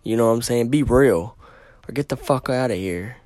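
Swearing heavily, a man rants alone on his podcast, so agitated he keeps stammering over his words. His voice is medium-pitched and a little mellow at a normal speed, with no echo.

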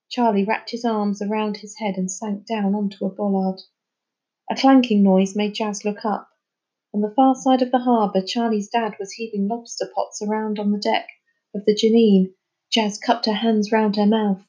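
A woman reading a children's chapter book aloud in a clear, measured storytelling manner. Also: mid-range voice, fairly even intonation, warm tone. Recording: muffled lo-fi recording.

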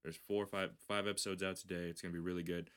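A man's voice: sits low, flat delivery, racing, fairly bright tone, clear, resonant tone. A man hosting a podcast, telling a long story in casual chat, rambling and swearing, with frequent restarts. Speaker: podcast host.

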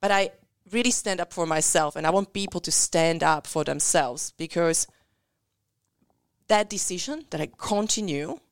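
Lower-voiced Central European woman. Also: normal speed, smooth, no room sound, studio quality. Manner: candid, earnest storytelling in non-native English. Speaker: business coach. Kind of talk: personal story in an interview.

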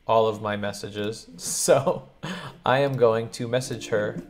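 A man's voice: on the low side, slow, soft background music. Guy streamer hyped reacting to a clip, chatting with viewers. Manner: excited, talks straight to chat. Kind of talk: live-stream reaction chat.

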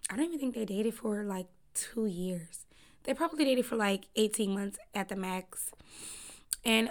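A woman hosting her own podcast, talking casually and bluntly, with a lot of slang and swearing. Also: medium pitch. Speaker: podcast host. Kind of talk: casual solo podcast chat.

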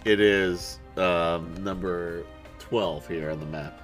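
A man's voice: sits low, fairly even intonation, slow pace, over music. A man running a tabletop game as game master, casual, joking and often swearing.

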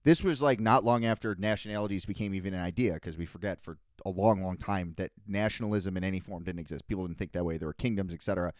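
A man's voice: low voice, fast talker, few pauses, no echo, clean studio sound. A man co-hosting a podcast, rambling through profane, meandering stories in casual banter. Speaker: podcast co-host.

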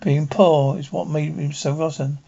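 A woman's voice: deep voice, fairly even intonation, moderate pace, vocal fry, mellow. A frightened, timid woman in a 1960s TV drama, pleading and nervous. The old soundtrack sounds dull and lo-fi.

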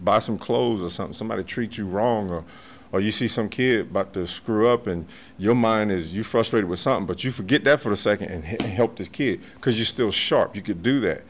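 A martial arts master in his forties or older chats casually as a podcast guest, telling stories while swearing freely and laughing often. He's animated and profane, his voice on the low side and a little fast, with a little hiss or hum on the recording.

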